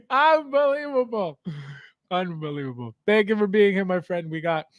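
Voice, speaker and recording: Lively high-voiced man hosting a livestream. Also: unhurried, no room sound, clean studio sound. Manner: greets viewers by name and reads chat aloud, laughing often. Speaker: livestream host. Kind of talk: casual livestream chat. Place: home basement.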